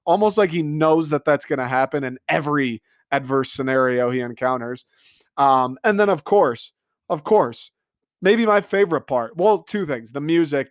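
A man delivering an excitable, profane comedic rant monologue, riffing with mock quotes. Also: mid-range voice, no room sound, clean studio sound. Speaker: comedic commentator.

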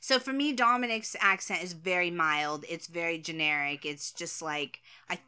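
A woman with a fairly low voice and a bright, forceful tone, talking as a co-host answering viewer questions. She laughs often, hedges with ums, and pokes fun at herself as she talks. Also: normal speed, smooth. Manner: laughs often, hesitant with ums, self-deprecating. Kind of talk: casual chat.

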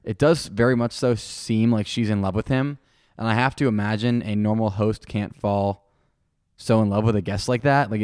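A man co-hosting a casual podcast, running through episode events with a rambling, jokey manner. His voice sits on the low side and the recording is dry and close. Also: darkish tone, dry recording. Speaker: podcast co-host. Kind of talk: casual chat.

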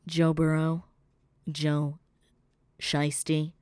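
A woman's voice: deep voice, completely flat delivery, very slow, a little mellow, clean tone, no echo. Profane rambling young woman podcaster. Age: young adult. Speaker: podcast host. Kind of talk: casual solo gossip podcast.

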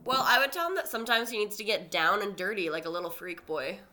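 A woman with a sick voice co-hosting a podcast, joining in with quick, playful back-and-forth. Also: mid-range voice, pushed and bright, slight background noise. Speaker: podcast co-host. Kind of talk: casual podcast chat.

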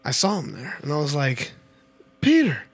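A young man in his twenties on a podcast, relaxed and chatty, swearing and laughing easily. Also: fairly high pitch, brisk, creaky, breathy edge. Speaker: podcast co-host. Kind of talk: casual chat.

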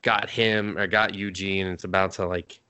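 A man's voice: low-pitched, little pitch movement, moderate pace, pushed and bright, clear, resonant tone. A man co-hosting a podcast, casually recapping an anime in a rambling way, full of fillers and cursing. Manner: rambling, many fillers and restarts, swears freely. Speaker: podcast co-host.

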